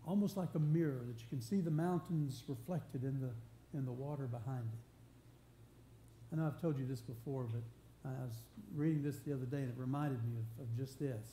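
A man's voice: medium pitch, moderate pace, dark tone. A man preaching a sermon, earnest and conversational, often restarting and building emphasis. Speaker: pastor. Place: church sanctuary. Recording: roomy church live stream with faint hum.

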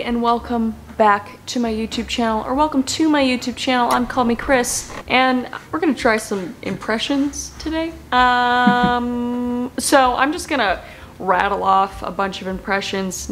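A woman with a slightly high, gravelly voice opens her video in a casual, self-deprecating way. She rambles a little as she sets up what comes next. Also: moderate pace, fairly bright tone, slight background noise. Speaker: impressionist.

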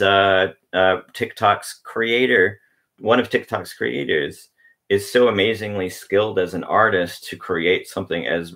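A man's voice: lowish voice, gravelly, fairly bright tone. A man hosting a podcast who talks like a teacher, explaining ideas in a rambling, self-correcting way and chuckling now and then. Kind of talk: informal lecture-style literary analysis.

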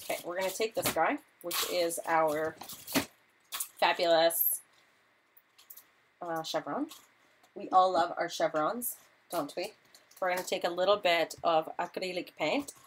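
A woman's voice: on the low side, a little slow, pauses often, background noise. Chatty woman demonstrating crafts live. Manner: chatty, flustered, apologetic.

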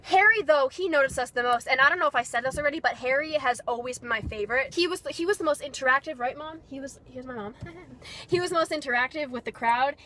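A young woman vlogger excitedly telling a story, gushing and breathless with lots of fillers. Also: high voice, quick pace, slight background noise. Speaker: beauty vlogger.

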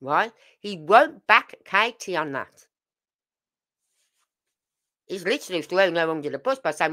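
An older woman talks through a case in casual commentary, her voice bright and sharp. Her pitch sits a little low but swings widely as she stresses points and throws in rhetorical questions. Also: measured pace, pauses often. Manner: animated, emphatic retelling with rhetorical questions. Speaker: true crime channel host.

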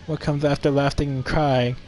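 A man's voice: on the high side, flat delivery, unhurried, a little mellow, a little hiss or hum. A young man streaming a game, reading its dialogue aloud playfully and commenting between lines with laughs.

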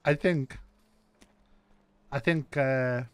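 Laid-back Welsh streamer, swearing. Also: male voice, medium pitch, fairly even intonation, drawn-out words, clear, resonant tone, no room sound. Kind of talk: casual gaming commentary.

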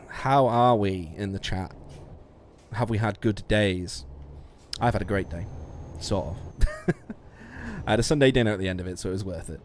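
A man's voice: on the low side, lively intonation, normal speed, pauses often, a little hiss or hum. A man livestreaming a trucking game, chatting with his viewers, swearing and laughing at his own mistakes on a musician's mic. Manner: sweary, self-mocking, laughs a lot. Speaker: streamer. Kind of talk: casual game livestream chat. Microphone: studio musician mic.

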